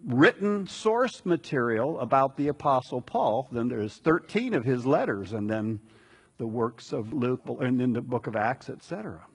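A man delivering a conversational sermon as a pastor, relaxed and chatty with asides to the congregation. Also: medium pitch, husky.

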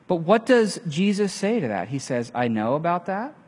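A man preaching a sermon, telling a story in lively fashion and acting out the lines of the people in it. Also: on the high side, normal speed, breathy edge. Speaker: pastor. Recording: long hall reverb.

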